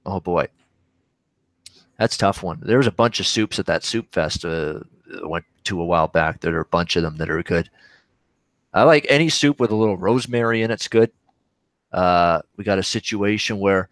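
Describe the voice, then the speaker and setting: On a dry recording, a Canadian man with a low voice hosts a betting livestream. He chats loosely and rambles, reading viewer questions and reacting to the games as they play out.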